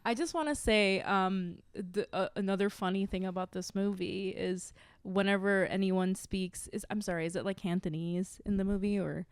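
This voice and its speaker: A woman's voice: mid-range voice, fairly even intonation, normal speed, hardly any pauses, clean tone, no echo. Tearful woman guest on a podcast, crying a bit while she talks, laughs a lot, lots of likes and ums, dry close sound. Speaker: guest actress. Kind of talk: casual podcast chat.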